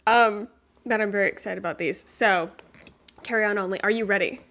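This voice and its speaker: Female podcast host, bright tone, animated storytelling, laughs a lot. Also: medium pitch, brisk. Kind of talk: casual interview chat.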